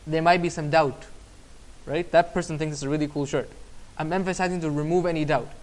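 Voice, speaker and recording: Man, Islamic teacher, casual online class, fairly high voice, conversational, keeps asking "right?". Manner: conversational, often asks "right?".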